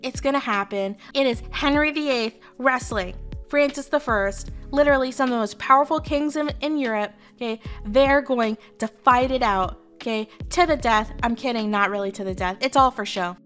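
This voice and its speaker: A woman retells history as casual comedy, chatting irreverently with plenty of swearing and fillers. Her voice sits a little high, and faint music plays beneath. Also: normal speed, fairly bright tone. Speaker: history storyteller, virtual streamer.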